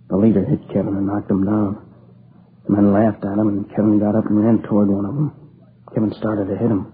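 An actor voices a young adult man, a witness to a robbery and murder, who is grieving, worn out and near tears. He speaks haltingly in a lowish, flat, natural voice. The 1950s radio crime drama comes through a tinny old broadcast with faint hiss.

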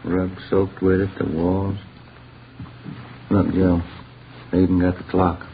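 A matter-of-fact detective partner. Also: male voice, sits low, flat delivery, takes it slowly, creaky, slight background noise, exaggerated voice. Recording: tinny old radio recording.

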